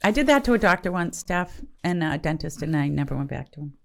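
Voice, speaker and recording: A woman's voice: deep voice, big pitch swings, fast talker, vocal fry. A woman co-hosting a casual chat, talking in a conversational way. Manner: conversational, frequent backchannels. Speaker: co-host.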